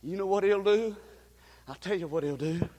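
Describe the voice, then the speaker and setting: High-pitched shouting preacher in a reverberant hall. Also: male voice, moderate pace. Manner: shouting, rhythmic preaching with repeated refrains. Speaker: pastor. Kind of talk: fiery sermon.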